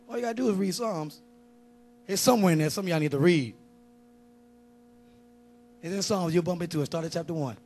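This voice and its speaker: A man preaching a lively sermon in a joking, conversational street style. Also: high-pitched, a little fast, long pauses.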